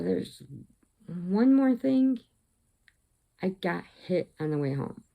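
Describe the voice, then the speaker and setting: Gravelly low-voiced woman vlogger. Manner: animated storyteller, acts out lines, drops to whispers. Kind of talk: casual movie retelling.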